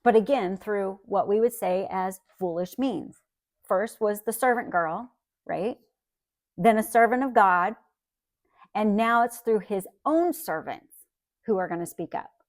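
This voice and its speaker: A woman's voice: mid-range voice, measured pace, dry recording, studio quality. A woman Bible teacher giving a conversational teaching talk, often checking in with listeners by asking "right?".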